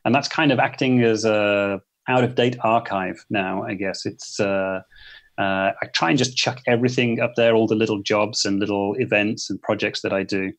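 A man in his forties speaks as an interview guest, his voice sitting low with a gravelly edge. He talks thoughtfully and casually, often stopping to restart a phrase. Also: steady tone, moderate pace. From England. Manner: thoughtful, hesitant, many restarts. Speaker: photographer guest.

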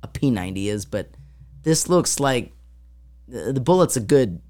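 Woman, low pitch, animated intonation, casual storytelling, filler words, podcast co-host. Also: normal speed. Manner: rambling with many fillers, acts out sounds.

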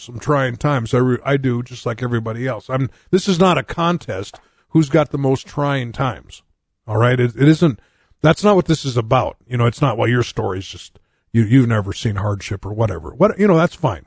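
A pastor in his sixties from North Dakota tells his own story from the pulpit in a loose, conversational way, restarting his sentences and poking fun at himself. His voice sits at an ordinary pitch for a man. The recording is dry and close, with little room sound. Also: moderate pace, no echo. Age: 60s. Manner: candid and conversational, with frequent restarts and wry self-mockery. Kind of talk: personal testimony in a sermon.

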